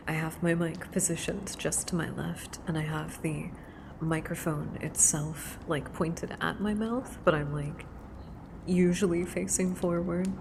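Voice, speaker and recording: Gravelly whispering woman streamer. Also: lowish voice, background noise. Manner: excitable, drifts between whisper and soft speech. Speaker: streamer and horror story reader. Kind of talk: ASMR stream chat, mostly whispered. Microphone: close mic right in front of her.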